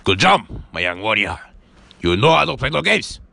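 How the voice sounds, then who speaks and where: A man's voice: lowish voice, big pitch swings, moderate pace, gravelly, pushed and bright, dry recording. A man voicing a bossy, insulting karate master in an amateur comedy skit. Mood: stern. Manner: barking, insulting, mock-stern.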